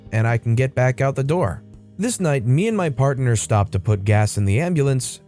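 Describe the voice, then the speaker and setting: Dark-voiced male story narrator. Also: medium pitch. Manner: wry, conversational storytelling. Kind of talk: reading online stories aloud.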